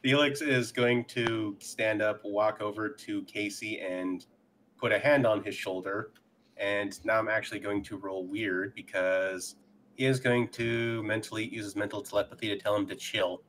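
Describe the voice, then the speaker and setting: A man's voice: lowish voice, fairly even intonation, moderate pace, a bit bright, slight background noise. A man playing a tabletop role-playing game, describing what his character does. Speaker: player. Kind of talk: tabletop role-play narration.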